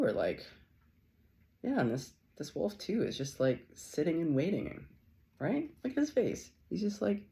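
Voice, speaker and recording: Gushing, animated tarot reader. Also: mid-range voice, a little slow. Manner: effusive, swears freely, laughs often. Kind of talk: casual channeled tarot reading.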